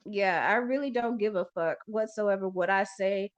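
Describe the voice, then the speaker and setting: A woman's voice: mid-range voice, moderate pace. A woman hosting a podcast in loose casual chat, rambling and swearing freely with lots of fillers. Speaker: podcast host. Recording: lo-fi muffled audio.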